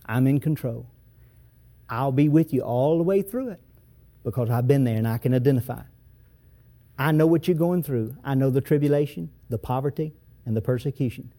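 A man voicing a gentle, reassuring divine speaker, in a tender, quiet way. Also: medium pitch, normal speed, close to an everyday voice.

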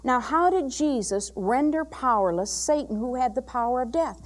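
A woman preaching a sermon, moving from loud emphatic bursts to hushed, intimate passages. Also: high-pitched, expressive, moderate pace.

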